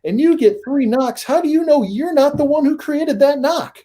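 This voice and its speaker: Guy on a paranormal podcast telling stories, gets excited, kinda mellow warm voice. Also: extremely high pitch, moderate pace. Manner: animated, rising to excited emphasis. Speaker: guest paranormal investigator. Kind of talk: casual storytelling in a podcast interview.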